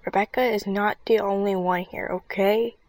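A woman reading aloud and voicing a pushy, cheeky boy who shouts to get noticed in a children's adventure story. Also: medium pitch, fairly even intonation, moderate pace, no room sound, natural voice. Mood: shouting.

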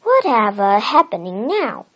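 A woman with a Chinese first language voicing a brisk, practical older housekeeper. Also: a little high, sing-song, a bit bright, exaggerated voice. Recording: dull lo-fi recording.

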